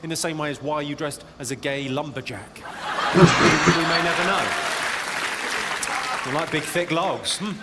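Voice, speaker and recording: A man doing stand-up comedy, trading quick, cutting put-downs with people in the audience at a live show. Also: on the high side, steady tone, very noisy. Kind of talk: stand-up crowd work. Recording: live show recording with loud crowd. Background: loud audience laughter.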